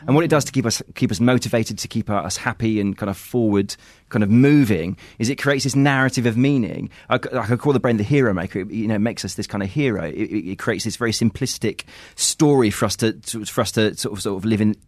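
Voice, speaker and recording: A man's voice: lowish voice, fast talker, a little mellow, no echo, studio quality. A man from England, an author guest, telling stories eagerly and stumbling over restarts. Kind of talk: casual chat.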